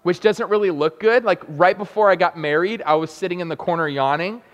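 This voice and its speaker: Animated young preacher in a big hall. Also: male voice, high-pitched. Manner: animated, self-deprecating storytelling with quick asides. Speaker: pastor. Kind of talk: sermon. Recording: long hall reverb.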